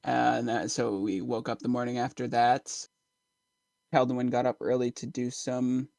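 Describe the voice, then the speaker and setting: A man's voice: mid-range voice, little pitch movement, measured pace, gravelly, no echo. A young man playing in a tabletop game, rambling through a casual recap of the last session and laughing along the way. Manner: rambling, laughing, trailing off mid-thought. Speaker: player.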